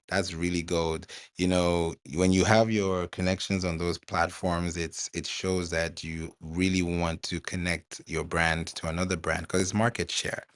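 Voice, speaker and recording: A man hosts a casual panel podcast, encouraging and fond of everyday examples. His voice is very deep. The sound is dry and close. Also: no room sound. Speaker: podcast host.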